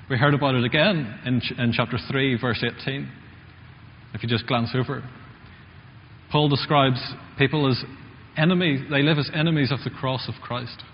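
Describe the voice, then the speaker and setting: Male preacher, chatty sermon delivery, mid-pitched voice, muffled recording in an echoing church hall. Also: slight background noise. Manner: conversational, asks the congregation questions.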